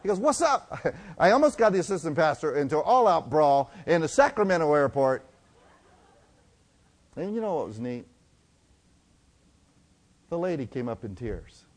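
A middle-aged man preaching a sermon, telling stories and swinging from loud to hushed. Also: fairly high pitch, sing-song, moderate pace, pauses often. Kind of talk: sermon storytelling.

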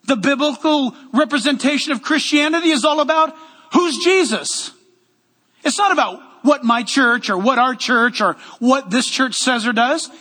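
A pastor with a strikingly high, bright voice preaches with loud energy in a church sanctuary, tossing joking asides to the congregation. His words ring out with a long reverb in the hall. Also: moderate pace. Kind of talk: sermon.

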